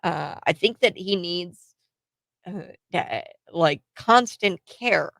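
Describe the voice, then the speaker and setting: A woman's voice: lowish voice, expressive, slow, vocal fry, a bit bright, no echo. A woman, hosting casual political commentary in a blunt, sarcastic way, laughing between points.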